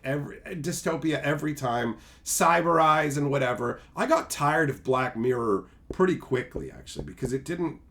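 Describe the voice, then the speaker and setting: A man retelling a show excitedly in a casual live-stream review, reading out chat messages. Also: a little high.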